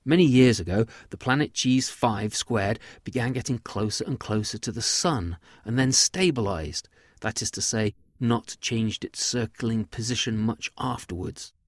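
A man telling his own children's sci-fi story in a lively, gentle way. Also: lowish voice, unhurried, no room sound, clean studio sound.

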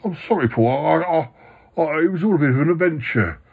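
Bumbling, apologetic yeti uncle played by a man, husky and a bit higher than the performer's own voice. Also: animated, a little fast, full character voice. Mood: sheepish. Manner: stammering, apologetic. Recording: dull lo-fi sound.

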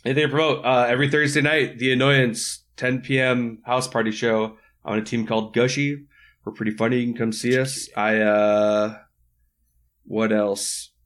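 A man's voice: mid-range voice, fairly even intonation, normal speed, a bit bright. A man who performs improv comedy, a podcast guest, joking and self-deprecating as he plugs his shows. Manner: jokey, self-deprecating, easygoing. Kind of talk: casual podcast chat.

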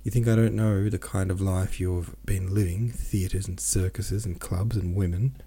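A man's voice: sits low, fairly even intonation, moderate pace, dark tone, breathy edge. A man voicing a cold, stern older brother who is a consul, speaking in a clipped, reproachful way in an audiobook reading. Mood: scolding. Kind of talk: audiobook character voice.

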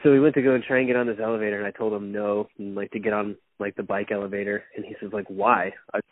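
A young man chats as a podcast guest, spinning loose, profanity-laced stories and laughing often. His voice is a bit husky. It comes through a narrow, phone-like line with a dry sound. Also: on the low side, flat delivery, very fast, no echo. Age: young adult. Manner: rambling storyteller, swears freely, laughs often. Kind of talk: casual chat.

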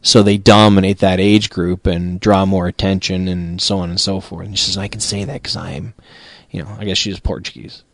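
A man hosting a podcast, telling a profane comic rant that swells into shouted outrage, recorded on a studio mic in a small booth. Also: deep voice, level tone, normal speed, vocal fry, dry recording. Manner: swears constantly, rising into shouted outrage. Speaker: podcast host.

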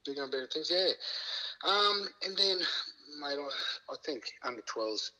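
Bright-voiced Australian man telling stories. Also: a little high, a little slow, low-quality recording. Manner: lively anecdotes, laughs often, swears casually. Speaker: guest, former rugby league player. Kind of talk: casual storytelling chat.

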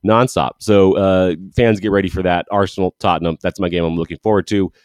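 A young man co-hosting a casual sports podcast, animated and laughing often, breaking into long shouted goal calls. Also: low voice, fairly quick, no echo, clean studio sound. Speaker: podcast co-host. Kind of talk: casual chat.

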